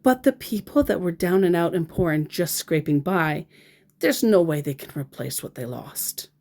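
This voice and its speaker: A woman's voice: lowish voice, animated, moderate pace, a little mellow. A woman in casual commentary on scam chats, sarcastic and laughing often. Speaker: scambaiter vlogger.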